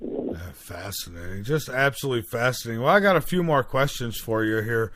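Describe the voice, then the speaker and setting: Male host interviewer, mid pitch, dry close sound, halting delivery. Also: expressive, fairly bright tone, no echo. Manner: halting, restarts his questions. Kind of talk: casual interview questions.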